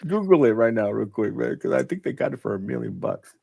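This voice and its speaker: A man's voice: medium pitch, sing-song, fast, creaky, mellow, husky, no room sound. A man in casual stream chat, blunt and joking, swearing freely.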